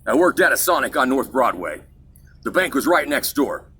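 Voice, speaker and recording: Middle aged guy from kansas rambling on his own show, bright forceful voice, swings his pitch a lot. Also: sing-song, normal speed, breathy edge. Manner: digressive, self-mocking, loses his thread. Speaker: show host. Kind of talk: casual rambling monologue.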